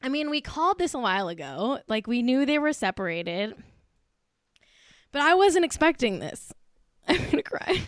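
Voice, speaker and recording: Young woman podcaster, a bit drunk, giggly and profane, higher voice, crisp and dry. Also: big pitch swings, normal speed, no room sound. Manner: profane, giggly, gossipy, heavy use of "like". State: tipsy. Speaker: podcast host. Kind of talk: casual celebrity gossip podcast chat.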